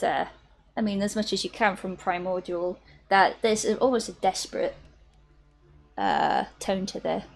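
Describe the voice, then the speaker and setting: A woman narrating a tabletop game as game master, pausing and restarting her sentences often. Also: mid-range voice. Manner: halting, lots of fillers and restarts.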